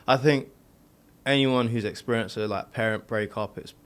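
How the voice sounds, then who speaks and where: A man with a London accent, a content creator talking as a guest on a podcast in an earnest, relaxed way, with loose fillers and restarts. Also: mid-range voice, normal speed. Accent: London English. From South London, England. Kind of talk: casual podcast conversation.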